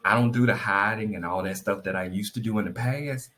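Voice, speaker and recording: Deep-voiced man, animated storyteller, earnest and encouraging advice vlogger. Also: brisk. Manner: animated storyteller, acts out quotes in a high voice. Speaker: vlogger giving marriage advice. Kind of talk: casual heartfelt advice talk.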